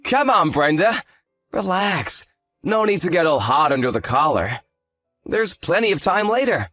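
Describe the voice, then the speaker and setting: A man's voice: on the high side, big pitch swings, a little slow, a bit bright, no room sound, soft background music. A man voicing an arrogant, hungover young fiancé who talks in a lazy, condescending, sarcastic way. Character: arrogant hungover male fiancé, dismissive and smug. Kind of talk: scripted story drama.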